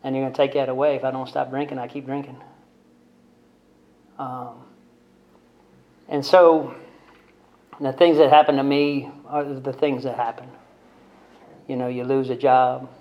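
A man's voice: medium pitch, flat delivery, measured pace, long pauses. A man telling his recovery story to a group in a blunt, conversational way, often tagging lines with "right?" and "man", with self-deprecating humor. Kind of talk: candid storytelling talk to a group. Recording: dull lo-fi recording.

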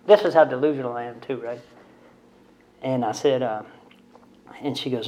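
A man's voice: mid-range voice, normal speed, creaky, pauses often, a little mellow. A man telling his recovery story to a group in a blunt, conversational way, often tagging lines with "right?" and "man", with self-deprecating humor. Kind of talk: candid storytelling talk to a group. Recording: dull lo-fi recording.

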